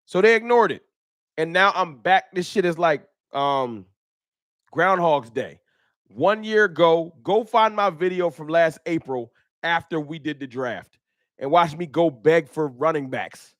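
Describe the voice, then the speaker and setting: Animated man ranting on a livestream. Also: on the high side, measured pace, dry recording, studio quality. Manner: animated, emphatic, repetitive, slangy. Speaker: host. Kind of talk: casual fan talk livestream.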